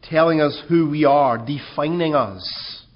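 A man's voice: on the high side, measured pace, lo-fi sound. A man preaching a sermon in an earnest way, asking rhetorical questions and rising in emphasis.

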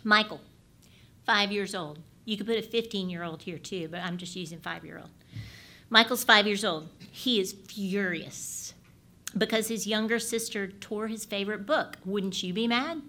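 Animated woman teaching about parenting. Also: mid-range voice, moderate pace. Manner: animated, asks the audience questions, shifts between loud and hushed. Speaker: parenting speaker. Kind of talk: teaching talk.

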